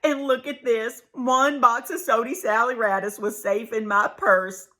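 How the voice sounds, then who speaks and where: A doting mama possum from a storybook, gushing over her little one, as a woman reads her aloud. Her voice rides high and bright above the narration. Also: fairly even intonation, measured pace. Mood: overjoyed. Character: warm doting mother possum.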